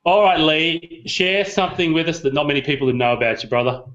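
A man's voice: a little high, fairly quick, fairly bright tone. A man hosting a casual podcast, laid-back and enthusiastic with plenty of slang. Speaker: podcast host. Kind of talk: casual interview chat. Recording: dull lo-fi podcast audio.

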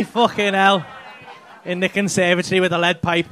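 Bright-voiced male comic teasing the crowd from a club stage, high and cheeky, faint audience behind him. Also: level tone, normal speed, a little hiss or hum. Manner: cheeky, teasing, swears a lot. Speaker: stand-up comedian. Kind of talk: crowd work banter.

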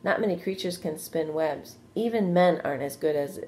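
A woman voicing a wise, patient female spider in a storybook read-aloud, speaking calmly and gently instructing. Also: low voice, normal speed, close to an everyday voice.

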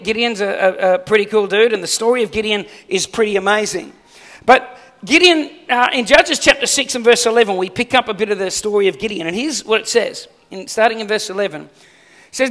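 A man delivers a sermon in a very high, bright voice, speaking in a conversational way and putting frequent questions to his listeners. His voice rings out with a long reverberant tail from a large hall. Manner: conversational preaching with rhetorical questions. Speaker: pastor.

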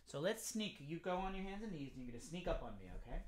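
A man's voice: on the high side, animated, quick pace, hardly any pauses, loud music behind the voice. A man teaching a playful children's singalong, singing songs and talking the children through games. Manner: playful, sings and whispers to children. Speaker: music teacher.

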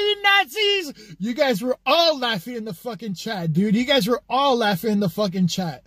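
A man with a very high-pitched voice rants at his stream chat, crude and mocking. The sound is dry and close, with no room around it. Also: husky, no echo. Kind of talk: ranting to a live chat.

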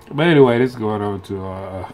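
A man hosting a reaction video in casual, rambling commentary, swearing freely and laughing often between loose, restarting sentences. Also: mid-range voice. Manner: laughs often while talking.

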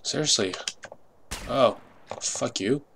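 Slow-talking man cursing through gameplay. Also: mid-range voice, creaky, fairly bright tone, a little hiss or hum. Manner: swears often, frustrated outbursts. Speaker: gamer. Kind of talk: live gameplay commentary.

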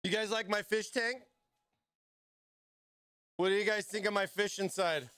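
High-voiced hyped-up male streamer. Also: unhurried, clean tone, no echo. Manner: excitable, hyped, talks to chat. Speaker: livestream host. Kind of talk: casual livestream chat.

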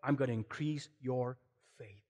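A deep, hushed voice of God, slow and deliberate, as a preacher puts it on, ringing through a church with a long reverb tail. The delivery sounds solemn and steady. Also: male voice, lightly acted. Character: God, calm and solemn, speaking low.

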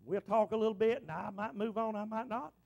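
A man's voice: high voice, a little fast, gravelly, a little mellow, lo-fi sound. A middle-aged man preaching a folksy, exclamatory sermon to his church congregation, often repeating himself. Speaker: pastor. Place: church sanctuary.

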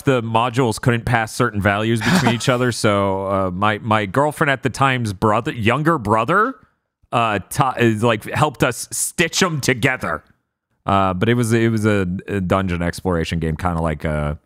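A man hosting a podcast, telling stories in casual chat, blunt and quick to swear. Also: lowish voice, fairly bright tone, no room sound, clean studio sound. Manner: storytelling, blunt, swears freely. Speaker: podcast host.

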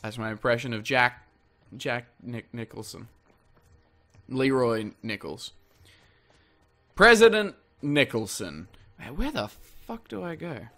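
A man's voice: mid-range voice, lively intonation, slow, a bit bright. A man giving rambling, jokey let's-play commentary, swearing freely as he plays. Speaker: gaming channel host.

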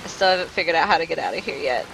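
A woman's voice: low-pitched, lively intonation, very fast, gravelly, noisy background. A young woman streaming a video game live, chatting with her viewers and joking as she panics at what happens on screen. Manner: jokey, panicky, talks to chat. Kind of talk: live gameplay commentary.

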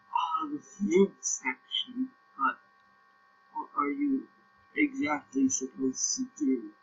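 A man's voice: extremely high pitch, huge pitch swings, extremely slow, vocal fry, pauses often, fairly bright tone, lo-fi sound. Young Norwegian-accented guy, puzzled game commentary. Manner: puzzled, thinking aloud, repeats himself. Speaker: gameplay commentator. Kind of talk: casual gameplay commentary.

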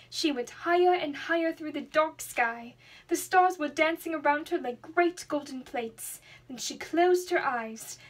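A young woman reading a children's storybook aloud in an expressive, dramatic way. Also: high-pitched. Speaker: student reader.

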